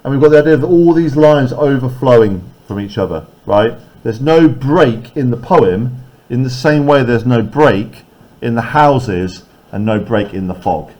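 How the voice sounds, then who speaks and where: A man's voice: medium pitch, expressive, a little slow, a little mellow. A man teaching a poetry lesson to a class. He talks in an explanatory way and keeps checking that the students are following. He taps out rhythms aloud as he goes.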